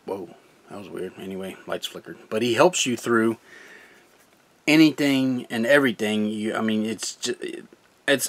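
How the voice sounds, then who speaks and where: A man's voice: fairly low pitch, a bit bright. Earnest man rambling through a testimony. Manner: earnest, rambling, laughs often. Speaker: gaming channel host. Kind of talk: casual personal testimony.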